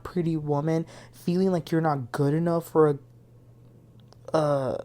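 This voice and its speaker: Low-voiced gossipy woman recapping TV. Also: a little mellow. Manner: blunt, opinionated and gossipy. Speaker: TV recap host. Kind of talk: casual reality TV recap.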